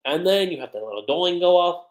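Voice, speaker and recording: A streamer hosting a casual livestream review of a manga chapter, talking in a chatty, animated way with lots of fillers. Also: mid-range voice, fairly quick. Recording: roomy echo.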